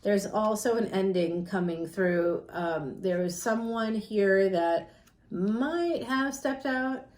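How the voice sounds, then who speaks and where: A woman's voice: mid-range voice, slow, a little mellow, reverberant. A woman giving a casual tarot reading, chatty and rambling, laughing often and talking straight to her viewers. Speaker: tarot reader.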